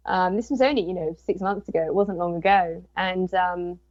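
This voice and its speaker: A woman's voice: on the low side, moderate pace, no room sound, dull audio. A woman, a guest and author, telling a personal story in casual talk and acting out what people said. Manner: animated retelling with quoted dialogue.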